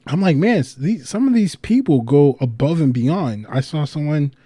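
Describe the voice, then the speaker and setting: Dude on a livestream, kinda high voice, laughing and cussing through his stories, dry close sound. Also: normal speed, slightly rough, no echo. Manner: animated storytelling, laughs a lot, swears freely; loose, rambling delivery with restarts. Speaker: livestream host. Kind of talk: casual livestream chat.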